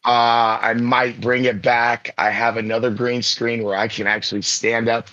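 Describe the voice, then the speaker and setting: A man's voice: medium pitch, level tone, moderate pace, pushed and bright, lo-fi sound. A man chatting casually on a podcast about his stream, rambling and repeating himself, laughing easily. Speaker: streamer guest.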